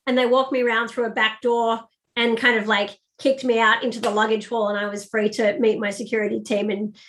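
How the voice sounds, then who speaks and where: A middle-aged woman, an interview guest, telling a lively personal story with fillers. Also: on the high side, brisk, a little hiss or hum. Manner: animated anecdotal storytelling with fillers. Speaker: guest, business strategist.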